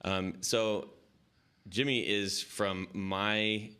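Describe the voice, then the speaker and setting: Podcast host, man, lower voice with a bright forceful edge, chatty and quick to laugh. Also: steady tone, clean tone. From Southern California. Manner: laughing, self-interrupting, restarts. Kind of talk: casual chat.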